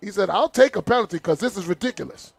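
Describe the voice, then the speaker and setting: High-voiced, fired-up male sports commentator. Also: lively intonation, fast, creaky, husky, no room sound. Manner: exasperated, indignant, talks to the players. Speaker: play-by-play commentator.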